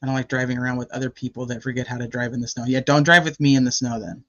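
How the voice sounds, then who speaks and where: A woman's voice: extremely low pitch, fairly even intonation, very fast, fairly bright tone. A woman hosting a casual live stream, rambling and greeting chat viewers by name. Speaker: livestream host. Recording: dull lo-fi stream audio.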